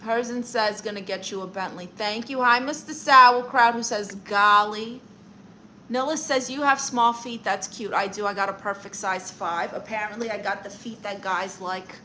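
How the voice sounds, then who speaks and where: A woman's voice: mid-range voice, fairly even intonation, sharp tone, slight background noise, natural voice, poor audio. A woman playing a brash, vain aunt who calls herself a therapist, bantering and boasting as she reads out chat on a livestream. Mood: sassy. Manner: sassy, boastful, fast comebacks. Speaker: livestream comedian reading chat.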